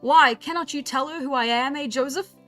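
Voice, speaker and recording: A woman reading aloud and voicing an irritable, formal male gentleman in a storybook. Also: high-pitched, brisk, faint music behind, voice pushed up. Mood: indignant.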